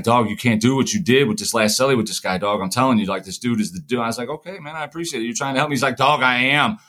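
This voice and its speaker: Here a man likely in his forties spins prison tales in an easygoing way, his voice medium-pitched and fairly bright. He voices the characters' lines and curses without holding back.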